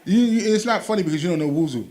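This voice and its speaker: A man's voice: high voice, lively intonation, rapid-fire, a little mellow. A man doing a stand-up comedy set, telling stories animatedly and acting out quoted voices.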